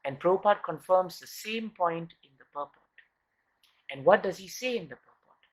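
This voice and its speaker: A man's voice: high-pitched, animated, moderate pace, low-quality recording. A man giving a scripture class, asking rhetorical questions and repeating key words for emphasis, and telling a story with uneven pace and phrases that trail off. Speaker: devotional class teacher.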